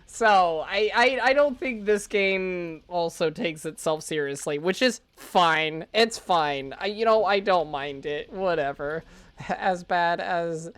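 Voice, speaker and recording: Woman streamer chatting over a game, giggly, smooth clear voice, dry sound, slow-ish. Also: fairly low pitch, dry recording. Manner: chatty, giggly, animated reactions. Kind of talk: casual live-stream commentary while gaming.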